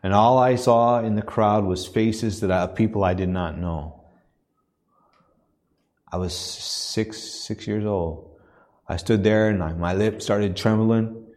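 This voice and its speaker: The speaker, a missionary preaching in a church, has a lowish, somewhat mellow voice. He recounts something from his own life, earnest and hesitant, until his delivery settles into a preacher's rhythm.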